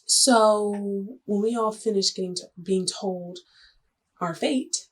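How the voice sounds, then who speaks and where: A woman's voice: medium pitch, slightly rough. A young woman vlogger telling a personal story to the camera in a chatty, dramatic, joking way. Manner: chatty, dramatic, jokey, quick asides.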